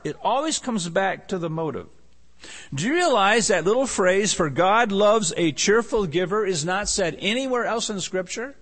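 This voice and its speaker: A man's voice: high voice, a bit bright. A man preaching a sermon as pastor. He is emphatic, repeats key phrases and asks rhetorical questions. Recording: long hall reverb.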